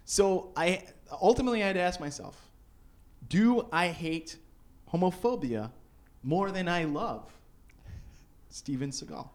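A man telling a story in casual chat, animated and laughing often as he acts out what people said. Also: sits high, measured pace, long pauses.

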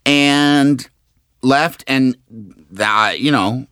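A man's voice: mid-range voice, drawn-out words, fairly bright tone, clean tone, no room sound, studio quality. A man, a voice actor, telling a rambling story in a casual interview, correcting himself and acting out quotes. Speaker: voice actor guest.

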